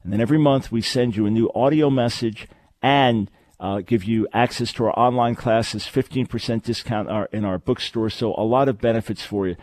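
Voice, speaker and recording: A man's voice: mid-range voice, fairly even intonation, normal speed, darkish tone, no room sound. A male radio talk show host who speaks earnestly and with emphasis, often repeating his phrases to drive them home. His voice sits in an ordinary middle range and sounds close and dry, with no room around it. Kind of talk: call-in radio advice and announcements.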